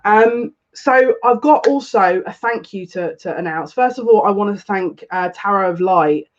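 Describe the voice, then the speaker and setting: A woman's voice: medium pitch, animated, moderate pace. A woman hosting a psychic tarot live stream, chatting casually and greeting viewers one by one. She sounds close to tears and talks in an effusive, gushing way. The recording is a little dull and lo-fi. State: on the verge of tears. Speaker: psychic tarot reader, channel host.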